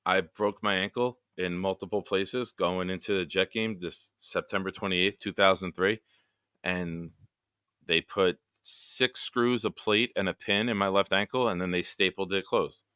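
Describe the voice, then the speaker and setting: A man's voice: sits low, fairly even intonation, unhurried, bright, forceful tone, smooth, no room sound, studio quality. A man hosting a casual live stream over a video call, joking around and directing his co-host with crude humor. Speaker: show host.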